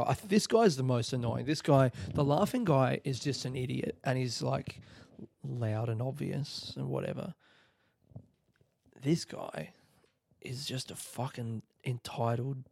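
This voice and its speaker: A man's voice: medium pitch, warm tone, no echo, studio quality. Rambling sweary man. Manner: rambling, sweary, laughs often. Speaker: podcast host, comedian. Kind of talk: casual solo podcast rant.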